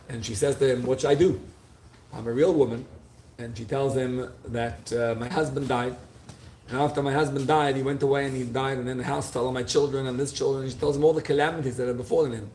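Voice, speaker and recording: Male rabbi with a mid-pitched voice, storytelling sermon, lively retellings, faint hiss behind him. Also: fast. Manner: storytelling, acting out figures' pleas. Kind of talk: explaining liturgical poems.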